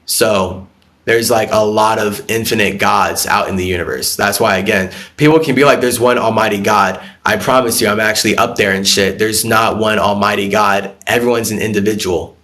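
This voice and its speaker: A man's voice: lowish voice, fairly even intonation, normal speed, a bit bright. A man hosting a spiritual live stream who talks bluntly and profanely, rambling through his ideas, answering viewer comments and breaking into laughs.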